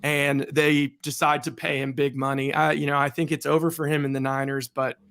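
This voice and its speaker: A man co-hosting a casual sports talk show, talking in an animated, rambling way with a slightly scratchy voice from the sniffles. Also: fairly high pitch, fairly quick. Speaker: co-host.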